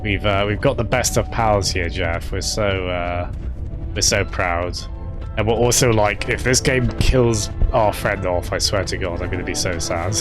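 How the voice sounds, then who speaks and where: A man's voice: low voice, a little slow, music in the background. Laid-back man streaming a game. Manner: chatty, laughs often, talks to chat by name. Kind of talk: live game commentary.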